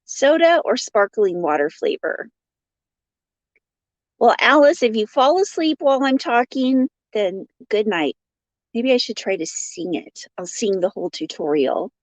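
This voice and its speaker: A woman's voice: a little high, big pitch swings, unhurried, no room sound. A woman hosting a casual crochet livestream, chatting and laughing as she greets viewers by name and reads their comments. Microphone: phone. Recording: dull lo-fi sound.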